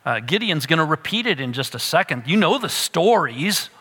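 A man preaching a sermon, animated at times and dropping to a hush for emphasis. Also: fairly high pitch, normal speed, big-room sound. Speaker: pastor.

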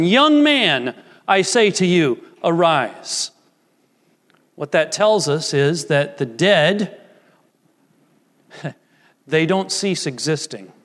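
Male pastor, emphatic sermon delivery, slightly high voice, long hall reverb. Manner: animated preaching, emphatic, slows on key phrases.

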